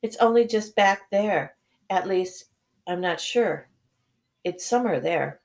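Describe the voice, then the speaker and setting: A woman's voice: mid-range voice, expressive, takes it slowly, a little mellow. A woman voicing a curious young schoolgirl who sounds earnest and a little puzzled.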